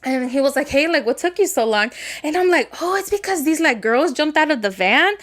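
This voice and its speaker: A young woman with a high voice tells a story on a podcast in a loose, casual way. She swears freely, acts out the other people's lines and keeps the story moving. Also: a little fast. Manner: animated, swears a lot, acts out quoted voices, laughs often. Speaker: podcast co-host.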